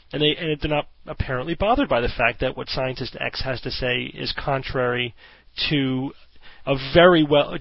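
A man's voice: fairly high pitch, dry recording. A man hosting a podcast, explaining his views earnestly with hesitant restarts. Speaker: podcast host. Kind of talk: casual discussion. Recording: dull dry audio.

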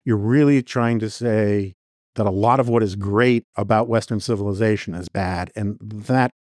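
A man's voice: fairly low pitch, moderate pace, darkish tone, no echo, clean studio sound. A man as a podcast guest giving earnest commentary in long run-on sentences. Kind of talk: conversational commentary.

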